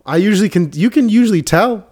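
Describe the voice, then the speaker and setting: A man co-hosting a podcast in casual chat, crude and blunt, throwing in quick remarks. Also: high-pitched, expressive, darkish tone. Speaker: podcast co-host.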